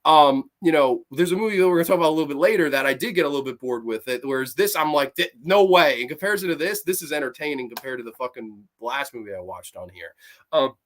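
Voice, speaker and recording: A horror movie show host giving a casual, profane review, rambling with restarts and swinging between low mutters and high excited outbursts. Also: fast. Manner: rambling, with frequent restarts and "like" asides.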